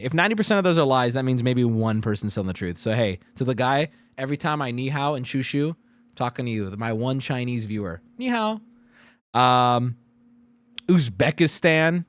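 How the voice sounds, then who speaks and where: A man streaming live, reading out survey results in loud, profane, sarcastic casual commentary. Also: medium pitch.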